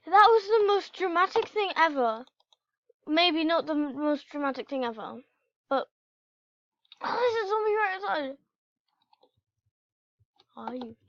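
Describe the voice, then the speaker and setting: A woman giving casual, excitable commentary while playing a video game and chatting to her in-game pets. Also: very high-pitched, measured pace, pauses often, dry recording. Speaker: gameplay channel host. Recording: dull lo-fi home recording.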